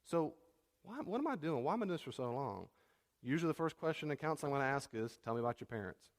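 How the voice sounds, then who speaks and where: A man's voice: fairly high pitch, animated, quick pace. Middle-aged pastor guy preaching, chatty, says things twice, long hall echo. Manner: conversational, repeats key phrases, self-deprecating asides. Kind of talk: sermon.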